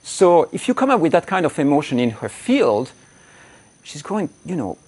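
A man's voice: a little high, big pitch swings, moderate pace, darkish tone, slightly rough. Blunt, swearing male relationship coach. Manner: blunt, emphatic, swears freely, acts out angry quotes. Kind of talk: direct-to-camera coaching talk.

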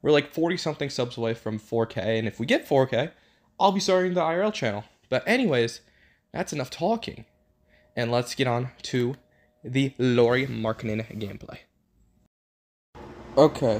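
A man's voice: on the high side, husky. A young man giving casual commentary over his own gameplay, hyping up his players and trash-talking the other side, recorded at home with noise. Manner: hyped trash talk at the game. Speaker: gaming YouTuber.

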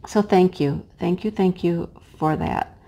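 A middle-aged woman chatting casually while she crafts, her voice hoarse and cracking, sometimes dropping to a hush as she works. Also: on the low side, unhurried. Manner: chatty and homey, drops to a hush while placing pieces. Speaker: crafting vlogger and teacher. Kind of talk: casual chat while diamond painting.

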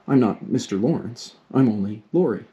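A man voicing a polite, good-humored teenage boy while reading a storybook aloud, close to his own low voice. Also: lively intonation, normal speed, mellow, dull audio. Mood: pleasant. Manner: polite and pleasant.

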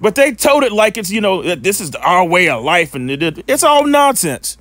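A man with a high voice preaches in a loose, scornful way, repeating himself and stumbling as he goes. His pitch swings widely from line to line. He stops now and then to read scripture aloud. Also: sing-song, normal speed, fairly bright tone, dry recording. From Western North Carolina. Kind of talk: informal preaching and scripture reading.

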